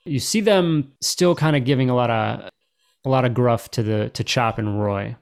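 A man's voice: medium pitch, moderate pace, vocal fry. A man running a tabletop game as game master, narrating casually with many fillers.

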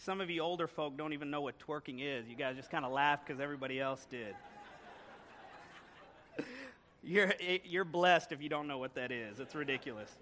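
High bright-voiced male preacher. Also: moderate pace, long pauses, slight background noise. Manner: animated storytelling with joking asides. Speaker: guest preacher. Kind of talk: sermon. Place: church sanctuary.

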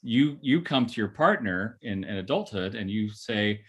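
Man, therapist, low voice, podcast explanation, keeps saying "right?", acts out quoted voices. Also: animated, moderate pace, few pauses, slightly rough. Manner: explains with tags like "right?" and "you know".

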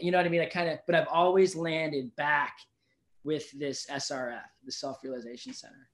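A man telling a personal story in casual conversation as a podcast guest, animated, swearing freely and often asking "you know what I mean". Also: on the high side, fairly quick.

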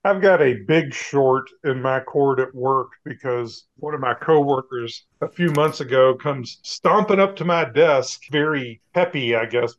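A man's voice: mid-range voice, a little slow, few pauses, dull audio. A man co-hosting a casual podcast over a video call, wry and profane, laughing often. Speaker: podcast co-host. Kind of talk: casual chat.

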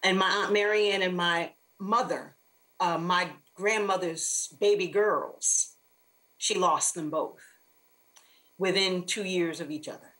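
A woman author, a guest on an interview show, telling a faith-filled personal story in an animated, expressive way. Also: lowish voice, takes it slowly, rough recording.

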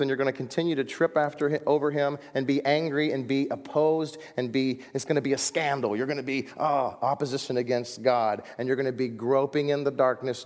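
A man preaching a sermon as a pastor, reading scripture and swinging between loud emphasis and hushed lines. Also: mid-range voice. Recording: long reverb of a large hall.

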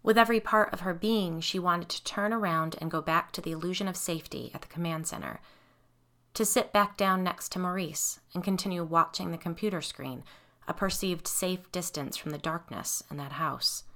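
Bright, forceful woman narrator. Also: on the low side, moderate pace. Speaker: audiobook narrator. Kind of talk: scripted narration of a horror novel.

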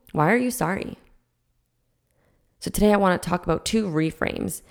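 A woman's voice: lowish voice, creaky. A woman hosting her own podcast as a life coach, talking in an earnest, reflective, casual way with frequent restarts. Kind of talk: casual solo podcast talk.

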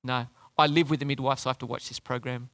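A man preaching a sermon in a lively, conversational way, often asking the congregation questions. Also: medium pitch, quick pace, dry recording. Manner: lively, conversational, asks the crowd questions, restarts.

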